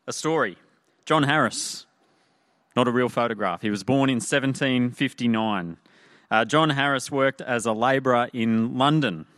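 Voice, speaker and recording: A man preaching a sermon in a conversational way, often pausing with "uh". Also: lowish voice, fairly bright tone, no room sound, studio quality. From Australia. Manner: conversational, with frequent "uh" fillers. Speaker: pastor.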